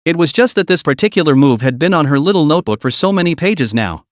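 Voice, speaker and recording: A man's voice: fairly high pitch, lively intonation, fast, dry recording, clean studio sound, lightly acted. A man voicing a shy, drowsy young college woman. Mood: sleepy. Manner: soft, drowsy replies.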